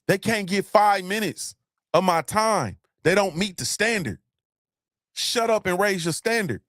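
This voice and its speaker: Male host, high voice, emphatic and repetitive, blunt with profanity, dry close sound. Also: animated, unhurried, a bit bright, no room sound. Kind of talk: motivational live-stream talk.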